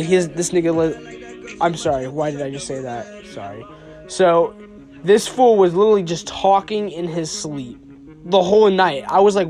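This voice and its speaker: A young man with a high-pitched voice rambles through a story, cursing freely and trailing off into fillers. Music plays clearly behind him. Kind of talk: casual storytelling.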